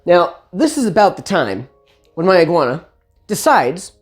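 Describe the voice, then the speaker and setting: A woman's voice: fairly low pitch, moderate pace, faint music behind. Chatty woman telling a family story. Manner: chatty, self-correcting, lively asides. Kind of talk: casual personal storytelling.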